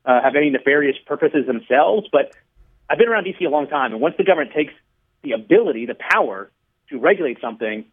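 A man with a fairly high voice speaks as a radio guest and explains a policy in a measured way. He comes through a thin, tinny phone line. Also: lively intonation, breathy edge. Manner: measured, explanatory, tells stories to make points. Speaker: radio guest, regulatory commissioner.

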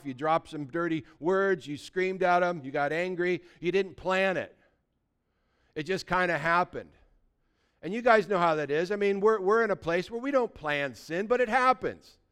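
A man's voice: on the high side, clean tone. A male pastor preaching a sermon in a conversational way, acting out little everyday dialogues.

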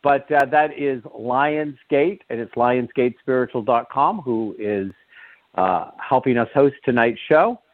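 Joking radio host on a tinny line. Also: male voice, mid-range voice, unhurried. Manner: joking, rambling, with many fillers. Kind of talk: live call-in radio chat.

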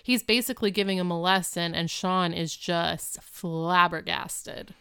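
Clear-voiced woman recapping chattily. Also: on the low side, a little slow, no room sound, clean studio sound. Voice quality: very clear and crisp. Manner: rambling and animated, full of filler words. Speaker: podcast co-host. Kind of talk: casual chat recapping a TV episode.

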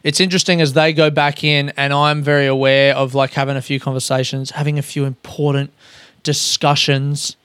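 A man's voice: medium pitch, little pitch movement, fairly quick, a bit bright, clear, resonant tone, no echo. An Australian man talking in a loose, rambling solo monologue as a podcast host, swearing often and poking fun at himself. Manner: sweary, rambling, self-mocking.

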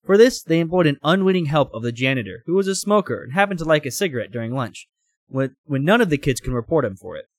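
A man's voice: a little high, big pitch swings, fast, no echo, clean studio sound. A man hosting a comedy show, reading a story aloud with laughs between lines.

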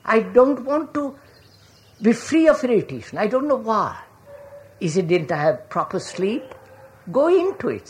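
A woman speaks to an audience in a reflective public talk. Her voice moves a lot in pitch as she presses questions. She keeps checking that listeners follow and calls them sir. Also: darkish tone, slight background noise.

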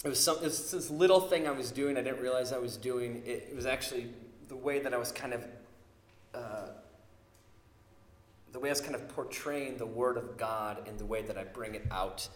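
A man in his thirties preaching a sermon, telling family stories with lively acted-out quotes. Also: mid-range voice, normal speed, echoey room. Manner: animated storytelling, acting out quotes. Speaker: pastor.

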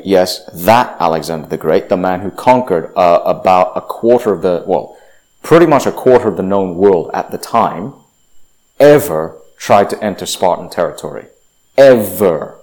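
A man with a very low voice gives a casual lecture. He stumbles through fillers and restarts, then punches out the lines he quotes. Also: a little mellow.

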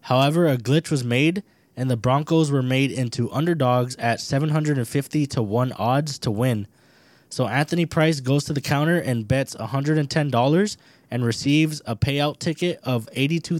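A man's voice: medium pitch, moderate pace, a little mellow, no room sound. A young man hosting a casual podcast, telling stories and reading out a news item in a loose, swear-heavy way with many fillers. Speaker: podcast host.

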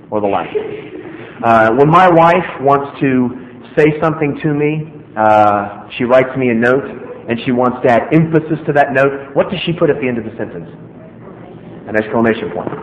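A man preaching a sermon as a pastor, animated, acting out the quotes he retells in a casual voice. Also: medium pitch, slight background noise. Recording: echoey hall, slightly dull sound.

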